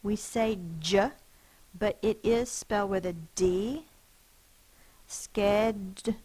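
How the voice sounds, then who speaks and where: A woman teacher giving a phonics lesson, sounding out words slowly and carefully. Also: mid-range voice, dark tone, rough recording.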